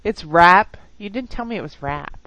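A woman's voice: fairly low pitch, animated, normal speed, a bit bright, rough recording. A woman hosting her own music stream and podcast, chatting casually and teasing her guests. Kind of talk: casual live show chat.

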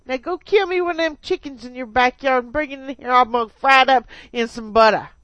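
A woman's voice: high voice, fairly quick, fairly bright tone, dry recording. A woman putting on a drawling Southern accent, playing a gushing, butter-obsessed woman cook. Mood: folksy. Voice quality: drawling, exaggerated.

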